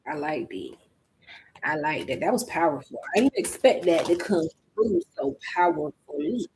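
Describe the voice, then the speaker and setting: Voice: medium pitch, very animated, moderate pace, a little hiss or hum, rough recording. Chatty, slangy tarot reader on a live stream. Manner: chatty and slangy, thinking aloud, swinging between hushed and loud.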